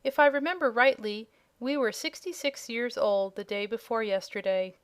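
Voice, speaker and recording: Casting: woman doing a haughty young dragon, courteous but hungry, smooth clear tone, storybook. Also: a little high, moderate pace, natural voice. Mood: haughty polite. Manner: polite, regretful, slightly haughty. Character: proud young male dragonette, scaly and hungry. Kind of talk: audiobook character voice.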